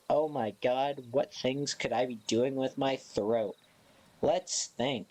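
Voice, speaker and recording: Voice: mid-range voice, fairly even intonation, slow pace, a little mellow. A live streamer chatting casually to viewers in a playful, self-mocking, rambling way.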